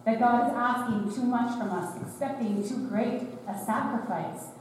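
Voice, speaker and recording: A woman's voice: on the high side, moderate pace, darkish tone, a little hiss or hum. A woman preaching a sermon in a wry, conversational way, slipping into sarcastic voices for quoted lines. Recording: echoey sanctuary, voice from far off.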